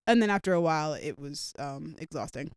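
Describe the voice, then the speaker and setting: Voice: medium pitch, lively intonation, fairly quick, smooth, dry recording, clean studio sound. A co-host of a casual movie review podcast, talking things through thoughtfully with lots of "like". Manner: thoughtful, hedging with "like".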